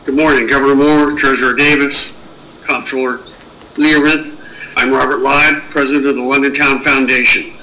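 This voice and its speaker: A man who is president of a foundation delivers a prepared statement to a public board in a measured way. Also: medium pitch, steady tone, pushed and bright, poor audio. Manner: measured, reads a prepared speech. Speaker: president of a historic site foundation.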